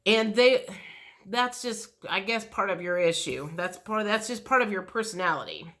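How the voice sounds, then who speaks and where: Bright-voiced woman giving a rambling tarot reading. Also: medium pitch, expressive, normal speed. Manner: rambling, frank, swears freely, many restarts. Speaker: tarot reader. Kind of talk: casual spoken tarot reading.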